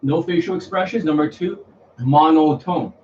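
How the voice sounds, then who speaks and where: Man, husky voice, blunt, repetitive, lecturing to camera, dull muffled home recording. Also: fairly high pitch, moderate pace. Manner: blunt, repetitive, lecturing, swears under his breath. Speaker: dating coach. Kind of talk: casual to-camera talk.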